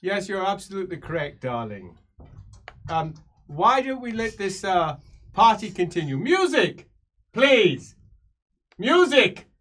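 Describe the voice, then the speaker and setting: Pompous, bellowing male emperor, played by the game master, bright and forceful. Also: medium pitch, lively intonation, moderate pace, voice pushed up, natural voice. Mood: gracious. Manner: bellowing, formal. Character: stern man, an emperor, commanding and haughty.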